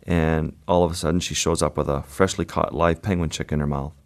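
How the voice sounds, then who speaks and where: A man, a photographer guest, recounting an encounter in a measured, vivid interview style. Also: a bass voice, steady tone. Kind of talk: interview storytelling.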